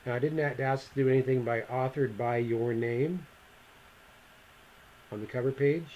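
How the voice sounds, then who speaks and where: A man over fifty walks through a screen-recorded software lesson at an ordinary pitch. He talks to himself as he goes, musing and fixing his own slips. A faint hiss of noise sits behind his voice. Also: moderate pace, lo-fi sound. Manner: casual, thinking aloud, self-correcting. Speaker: instructor.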